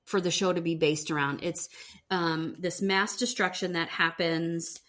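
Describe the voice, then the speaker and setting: A woman's voice: lowish voice, fairly even intonation, unhurried, fairly bright tone. A woman co-hosting a podcast, recapping a TV show in casual chat, with lots of "um" and "you know". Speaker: podcast co-host.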